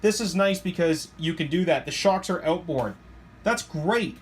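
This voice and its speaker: An excitable middle-aged man with a slightly high voice, rambling through a casual product review. He gets carried away, and his voice leaps up when something thrills him. Faint room noise sits under his voice. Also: moderate pace. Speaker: hobby shop owner reviewing RC trucks.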